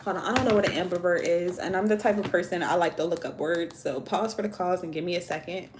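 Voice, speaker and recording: A woman's voice: on the low side, fast talker, noisy background. A young woman hosting a casual livestream on her phone, chatty, candid and slangy, laughing often. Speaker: livestream host, tarot and oracle deck creator. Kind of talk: casual livestream chat reading viewer comments.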